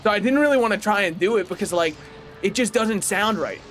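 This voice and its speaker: A young American man chatting casually while streaming a game, rambling and correcting himself with sudden excited outbursts. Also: sits high, brisk, faint music behind. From United States. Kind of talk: casual gaming livestream chat.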